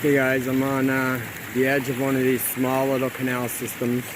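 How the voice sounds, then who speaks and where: A man talking into a handheld phone as he walks outdoors along a canal, amazed and out of breath. His voice sits at an everyday middle pitch, and he keeps repeating himself as he points things out to viewers. Wind and passing vehicles come through clearly behind him. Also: completely flat delivery, normal speed. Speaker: vlogger exploring brick ruins. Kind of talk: casual walking commentary.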